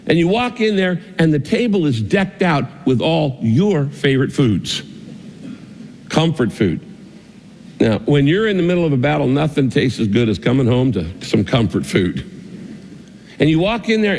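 A man's voice: a little high, a little mellow. A male pastor preaching a sermon, telling a vivid story with repeated, building phrases, recorded in a church. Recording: long hall reverb.

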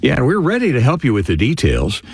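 A man's voice: medium pitch, wildly swooping pitch, a little fast, creaky, breathy edge, no room sound, studio quality. A man announcing for a radio ministry program, giving contact details and previews. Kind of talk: broadcast announcing. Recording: loud music bed under voice.

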